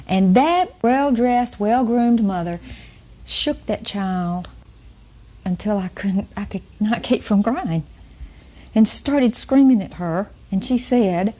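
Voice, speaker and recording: A woman's voice: fairly high pitch, mellow. An older woman giving a chatty Bible teaching on parenting, often laughing and putting questions to her listeners. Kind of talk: folksy Bible teaching talk.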